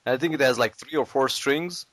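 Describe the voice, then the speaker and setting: A man's voice: mid-range voice, brisk, a bit bright, dry recording. A man hosting a casual comedy podcast, laughing often and stumbling over restarts as he riffs and puts on silly voices. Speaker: podcast host.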